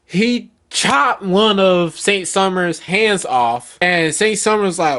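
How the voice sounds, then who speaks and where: A man casually recapping a manga chapter, reading out character quotes with excited slips and restarts. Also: sits high, takes it slowly, few pauses. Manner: excited storyteller, reads quotes aloud with loose slips and restarts.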